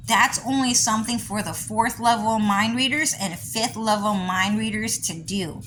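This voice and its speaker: A woman's voice: medium pitch, normal speed, fairly bright tone, slight background noise, rough recording. A woman, rambling through a casual monologue for her diary vlog, full of "you know" and "like.". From California. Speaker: diary vlogger.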